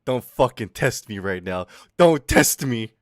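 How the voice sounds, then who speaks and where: Male streamer, animated pitch, dry close-mic sound, rowdy chat reading. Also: measured pace, no echo. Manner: loud, swearing, swings from yelling to low mutters. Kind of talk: casual livestream chat with viewers.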